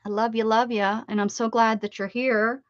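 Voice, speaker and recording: American lady rambling on her craft stream, kinda high voice, dry dull lo-fi sound. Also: flat delivery, moderate pace. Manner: chatty, rambling, greets viewers warmly with sing-song repeats. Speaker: craft livestream host. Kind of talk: casual chat with live chat readers.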